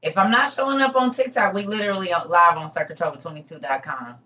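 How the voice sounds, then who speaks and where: Woman host with a low-set voice, chatting casually to her livestream viewers, swinging from loud to murmured. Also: fast talker.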